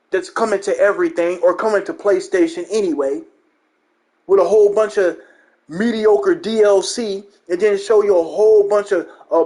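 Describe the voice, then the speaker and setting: A young man with a high-pitched voice rants about video games on his own channel. He talks in a profane, mocking way and leans hard on his points. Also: a little mellow. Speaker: gaming channel host. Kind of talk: ranting gaming commentary.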